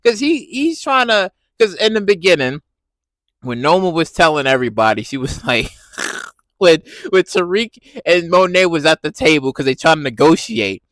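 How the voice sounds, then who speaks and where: A man giving a casual, animated recap of a TV episode, laughing and repeating himself as he reacts. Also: a little high, normal speed, dry recording. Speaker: TV recap vlogger.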